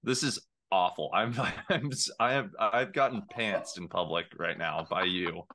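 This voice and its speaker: A man's voice: low voice, measured pace, sharp tone, a little hiss or hum. A man co-hosting a casual podcast, answering trivia with wry, mock-exasperated banter. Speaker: podcast co-host. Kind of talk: casual chat.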